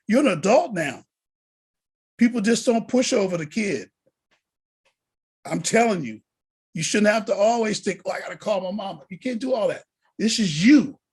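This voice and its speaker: Husky animated deacon teaching students. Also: male voice, sits high, moderate pace, pauses often. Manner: animated, preacher-like exhortation. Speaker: deacon and college prep instructor. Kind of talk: motivational lesson to students.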